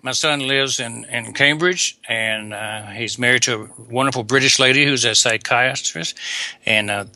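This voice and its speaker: A man, a dentist guest talking in a folksy, unhurried way. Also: medium pitch, pushed and bright, no echo. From Atlanta, Georgia. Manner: folksy, unhurried, with frequent restarts. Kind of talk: casual interview talk. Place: visiting abroad, remote call.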